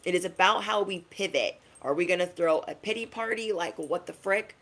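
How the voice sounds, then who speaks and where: A young woman giving a casual spiritual pep talk to her viewers, chatty and slangy, acting out quick asides. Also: fairly low pitch, fairly bright tone. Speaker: spiritual reader.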